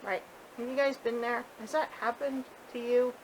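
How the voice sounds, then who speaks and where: A middle-aged woman with a fairly high, fairly even voice chats candidly with viewers about her crochet project in a casual home video. She speaks at a moderate pace, and the low-quality recording carries slight background noise.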